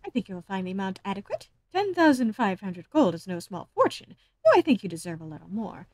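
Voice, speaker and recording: A woman's voice: medium pitch, big pitch swings, fairly quick, dry recording, pitched below the performer's own voice, close to an everyday voice. A woman doing a cool thieves' guild boss.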